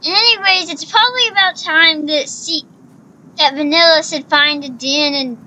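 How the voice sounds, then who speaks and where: A woman's voice: high voice, normal speed, bright, forceful tone, poor audio. A woman giving casual commentary over a video game, rambling, repeating herself and talking to the character on screen. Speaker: gaming channel host.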